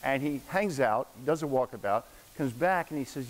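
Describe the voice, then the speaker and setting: With medium pitch, lively intonation and hardly any pauses at normal speed, a man in his sixties lectures as a guest in a university hall. The talk is a casual, anecdotal storytelling lecture where he slips into voices to quote people, recorded with echo and faint hiss.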